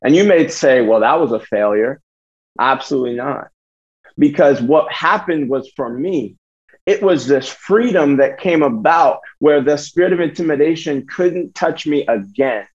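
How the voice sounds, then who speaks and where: A man's voice: a little high, expressive, unhurried. A man preaching a sermon to students, emphatic and repeating phrases. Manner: emphatic, repeats phrases, acts out his own thoughts. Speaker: youth preacher. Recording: dull lo-fi sound.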